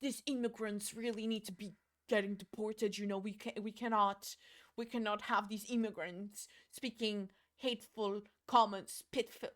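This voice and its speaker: A woman doing a deliberately clumsy impression of a male British politician giving a pompous speech. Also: mid-range voice, fairly even intonation, lightly acted. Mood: mock-pompous.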